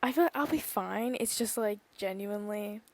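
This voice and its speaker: A woman's voice: mid-range voice, normal speed. A young woman chatting casually on her own podcast, rambling and gushing with many fillers, sometimes dropping to a whisper. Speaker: podcast vlogger. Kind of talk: casual chat.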